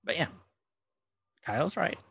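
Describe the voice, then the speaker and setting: A man's voice: unhurried, fairly bright tone, dry recording. A man co-hosting a podcast, casually recapping an episode and joking around. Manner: joking, playful retelling with quoted voices. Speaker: podcast co-host.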